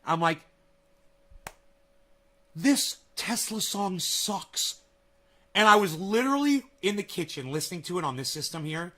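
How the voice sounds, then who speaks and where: A man vlogging from home in a casual, rambling monologue, telling a story excitably and swearing often. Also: high voice, fast, hardly any pauses. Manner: animated, profane, excitable storytelling. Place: at home, near a kitchen.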